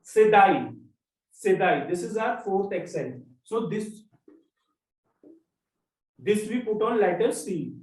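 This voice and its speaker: Slow, drilling language teacher. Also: medium pitch, big pitch swings, a little mellow. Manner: slow, repetitive drilling of examples. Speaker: French teacher. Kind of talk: language lesson. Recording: roomy echo, mic far off.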